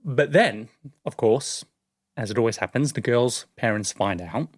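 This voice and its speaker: A man telling a story on a podcast, easy and chatty. He laughs often and drops casual fillers as he goes. His voice sits at a middle pitch and sounds dry and close. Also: measured pace, dry recording. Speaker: podcast co-host.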